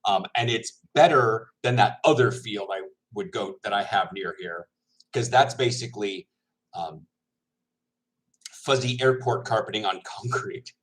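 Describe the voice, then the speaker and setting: A man's voice: fairly low pitch, unhurried, a bit bright, low-quality recording. A man, a semi-pro linebacker, chatting casually to viewers, rambling, laughing often and correcting himself, with his mouth full.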